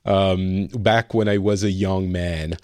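A man hosting a podcast in casual chat, upbeat and quick to laugh. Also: low voice, steady tone, a little mellow, dry recording, studio quality. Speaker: podcast host.

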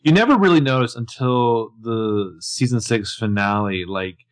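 A man's voice: medium pitch, moderate pace. A man co-hosting a casual TV recap podcast, chatty and analytical with lots of filler words. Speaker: podcast co-host.

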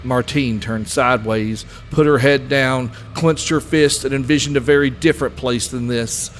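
A man narrating a scripted story in a steady, even way. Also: medium pitch, moderate pace, slight background noise.

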